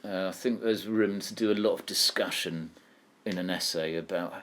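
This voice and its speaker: A man's voice: low voice, steady tone, moderate pace, fairly bright tone. A man teaching an online poetry lesson, thinking aloud and asking his students questions. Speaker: English teacher.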